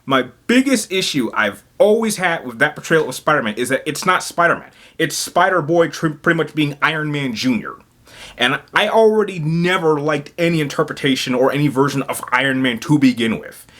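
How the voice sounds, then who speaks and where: A man's voice: a little high, animated, brisk, fairly bright tone. A man hosting a gaming vlog, talking casually in an agitated, emphatic rant, stumbling and repeating words as he goes. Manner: rambling, repeats words and restarts often. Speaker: gaming YouTuber.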